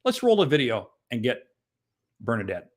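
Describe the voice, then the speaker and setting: A man's voice: medium pitch, normal speed, over loud music. A middle-aged man hosting a sales podcast, upbeat and playful, cutting in with jokes. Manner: jokey, energetic, playful interjections. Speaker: podcast host. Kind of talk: upbeat interview chat.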